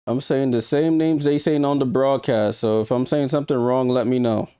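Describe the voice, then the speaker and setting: A man's voice: medium pitch, steady tone, moderate pace, dark tone, clean tone, no room sound, clean studio sound. A man with a New York accent hosting a live stream, giving casual reaction commentary, thinking aloud and talking to his viewers with hesitant ums. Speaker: livestream host.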